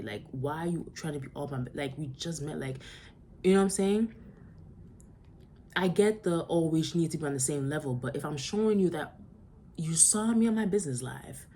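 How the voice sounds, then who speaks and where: A young woman vlogger telling a story in a casual, sassy, animated way. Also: low-pitched, a little hiss or hum.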